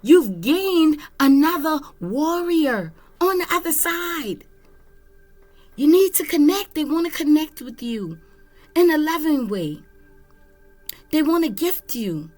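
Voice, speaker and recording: A woman giving a spiritual tarot reading, slow, emphatic and earnest. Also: sits high, big pitch swings, a little mellow, soft background music. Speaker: tarot reader.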